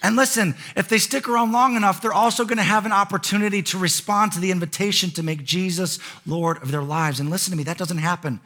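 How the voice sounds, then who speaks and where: Man, pastor, sermon, conversational, emphatic, high-pitched. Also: fast, few pauses, pushed and bright. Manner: conversational, builds to emphatic repeated lines.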